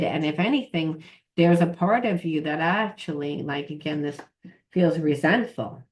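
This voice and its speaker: A woman with a low-pitched voice speaks a little slowly while giving a casual tarot reading. A tarot reader and trauma coach, she rambles, repeats herself and swears offhandedly.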